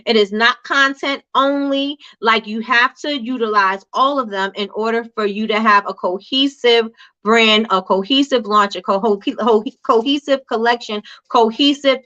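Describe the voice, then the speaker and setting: Female host, chatty and repetitive, bright crisp tone, muffled lo-fi recording. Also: a little high. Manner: conversational, repetitive, reads viewer comments aloud. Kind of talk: casual livestream business chat.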